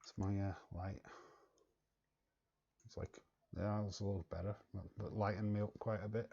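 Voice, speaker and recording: A man with a London accent hosts a relaxed home live stream, chatting with viewers and humming idly between comments. His voice sits low and gravelly with a mellow tone, and the audio comes through dull and lo-fi. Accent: London English. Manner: chatty, laughs often, fills pauses with humming. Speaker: wrestling live-stream host. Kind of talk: casual live-stream chat reading comments. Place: living room at home, lit by a video light.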